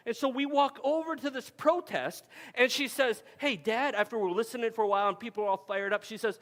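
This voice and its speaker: A man in his forties delivers a sermon with a notably high voice. He tells stories in a loose, conversational way, often doubling back on his words as he goes. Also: brisk, few pauses, fairly bright tone. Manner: conversational storytelling with frequent restarts. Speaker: pastor. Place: camp meeting hall.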